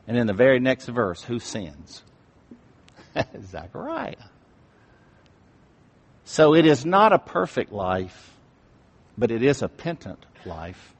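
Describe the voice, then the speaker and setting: A male pastor preaching a sermon, swinging from hushed asides to emphatic, rising appeals. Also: medium pitch, sing-song, unhurried, pauses often. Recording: reverberant hall.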